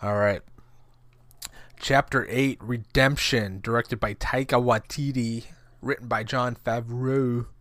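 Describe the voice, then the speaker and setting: A man co-hosts a podcast from home, moving between easy banter and a steady read of a plot summary. His voice is mid-pitched and recorded dry, with no room around it. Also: takes it slowly, no room sound. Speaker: podcast co-host. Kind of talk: casual chat and reading a summary aloud.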